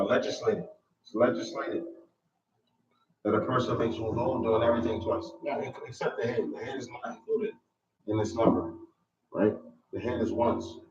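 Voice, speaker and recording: Man teaching from a classical text, low monotone, far off in a dull, echoey, noisy recording. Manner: reads a line in Arabic, then explains it in English, hesitant fillers. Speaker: Islamic studies teacher. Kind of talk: lesson reading and explaining a classical text.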